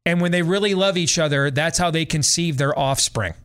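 A man's voice: a little high, fairly quick, a bit bright. A middle-aged man hosting a talk show, giving a sarcastic, exasperated and emphatic rant about a film. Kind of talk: opinionated movie-review rant.

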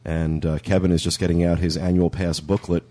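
A man's voice: low voice, level tone, fairly quick, warm tone. A man hosting a podcast in casual chat, talking in a chatty, rambling way. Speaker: podcast host.

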